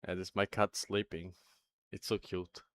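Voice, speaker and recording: A man's voice: sits low, flat delivery, measured pace, no echo, studio quality. A man hosting a livestream, chatting casually with his viewers in a rambling, self-interrupting way and sounding a little anxious. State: a bit anxious. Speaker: livestream host.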